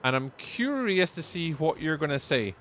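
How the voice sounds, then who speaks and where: This Scottish man streams live gameplay, chatting as he plays and reading viewers' chat messages aloud to answer them. His voice is a little high and fairly bright, swinging widely in pitch at a moderate pace. Slight background noise can be heard.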